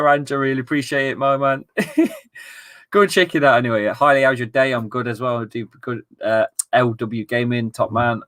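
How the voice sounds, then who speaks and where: A man's voice: mid-range voice, moderate pace, fairly bright tone. A young man chatting casually on a football live stream, reading viewer messages aloud and laughing often.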